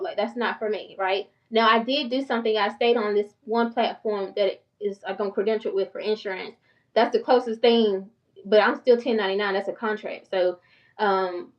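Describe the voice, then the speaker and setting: A middle-aged woman talking casually to her viewers, chatty and candid, laughing often, as a financial coach. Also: mid-range voice. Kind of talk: casual talk to camera. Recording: dull lo-fi sound from a distance.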